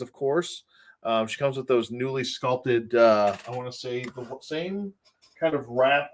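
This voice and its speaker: A man's voice: mid-range voice, fairly bright tone. A middle-aged man from the Buffalo area hosting a casual toy-collecting livestream, rambling, laughing often and greeting viewers by name. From Buffalo, New York area.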